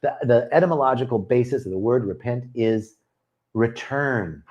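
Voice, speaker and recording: Earnest guy giving a spiritual talk online, repeats phrases like a chant, mid-pitched voice, kinda muffled audio. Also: normal speed, a little mellow. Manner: earnest, repetitive, incantatory phrasing. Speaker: retreat leader and spiritual teacher.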